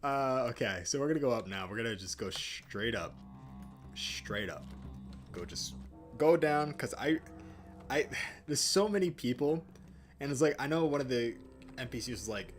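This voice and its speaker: A man's voice: mid-range voice, expressive, a little slow, long pauses, soft background music. A man casually commenting on a game he is playing for the first time, rambling with many fillers and restarts. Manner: rambling, full of ums, likes and restarts. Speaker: let's play host.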